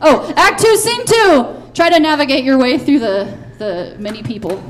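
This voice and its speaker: A high, lively woman runs a children's Bible play from the front of a church. Her talk is upbeat and playful, full of quick cheers and stage cues for the kids. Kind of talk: directing a children's Bible skit.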